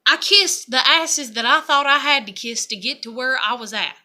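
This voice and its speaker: A woman's voice: high voice, moderate pace, sharp tone. A woman in an angry personal vlog rant, swearing and repeating furious rhetorical questions. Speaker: vlogger.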